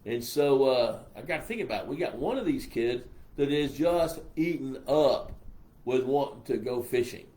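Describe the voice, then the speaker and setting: A man's voice: medium pitch, expressive, moderate pace, darkish tone. An older man with a Texas accent hosts a casual live stream, reading viewer comments and answering their questions in a folksy, rambling way. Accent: Texan.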